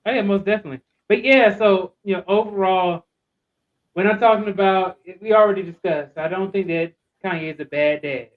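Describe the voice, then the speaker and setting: A man with a fairly high voice speaks frankly and easily as a guest. His audio sounds dull and lo-fi, as if it comes over a remote link. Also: fairly quick. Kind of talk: casual live-stream chat.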